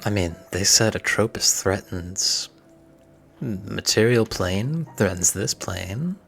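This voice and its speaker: A man running a tabletop game as game master, narrating scenes calmly for a live stream. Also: on the low side, takes it slowly, gravelly, faint music behind.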